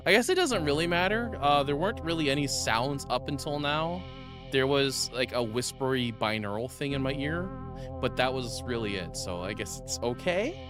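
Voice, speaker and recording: A man's voice: fairly high pitch, moderate pace. A man live-streaming a game, reading its second-person story text aloud and breaking off to swear and joke with his chat. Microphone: condenser mic on a boom arm. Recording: game music playing underneath. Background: game music.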